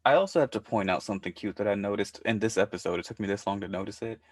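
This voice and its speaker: A man's voice: on the low side, very fast, no room sound, studio quality. A man co-hosting a podcast, recapping a show in casual chat and retelling scenes with quoted voices. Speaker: podcast co-host.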